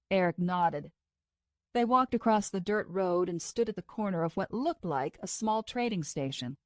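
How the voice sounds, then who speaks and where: A woman with a voice on the low side narrates an audiobook, reading the script in a steady, measured manner. The studio-quality audio carries no room sound.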